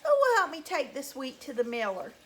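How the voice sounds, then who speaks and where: An earnest, hardworking little hen asks for help in a bright, lively, high voice, as a woman reads her. Every question lands clearly and emphatically. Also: a little fast, exaggerated voice. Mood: asking.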